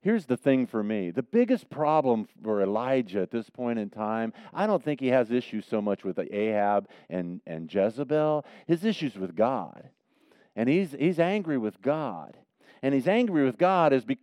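Pastor guy giving a sermon, mellow full voice, dry close sound, gets loud then goes soft. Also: medium pitch, sing-song, a little slow, clear, resonant tone, no echo. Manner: impassioned, swinging between loud emphatic questions and soft prayer. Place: church.

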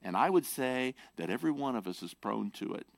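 Male pastor, emphatic sermon delivery, lively pitch swings, dry close sound. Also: brisk, gravelly, no echo. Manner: animated, emphatic preaching.

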